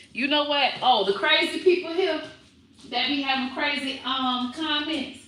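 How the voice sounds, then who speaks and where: A woman vlogging casually to her viewers, animated and breaking into high baby talk with her dog. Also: a little slow, reverberant. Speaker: comedian vlogger talking about her puppy.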